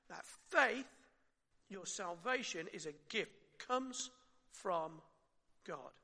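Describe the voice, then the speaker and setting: Male preacher, high bright voice, chatty sermon delivery with rhetorical questions, recorded in a reverberant hall. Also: expressive, slow, husky. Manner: conversational, with rhetorical questions and soft drops.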